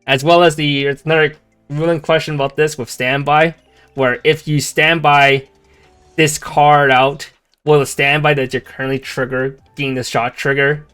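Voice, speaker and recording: Smooth-voiced Canadian man explaining rules. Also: on the high side, level tone, moderate pace, a bit bright, soft background music. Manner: explains rulings at length, restarts sentences. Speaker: co-host reviewing cards. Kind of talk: casual chat.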